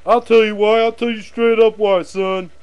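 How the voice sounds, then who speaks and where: A man's voice: sits high, little pitch movement, normal speed, darkish tone, smooth, lo-fi sound, pitched above the performer's own voice, natural voice. A man doing a bullying, barking traffic cop. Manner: barking, interrogating, threatening. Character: bullying loud-mouthed male traffic cop. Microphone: webcam microphone.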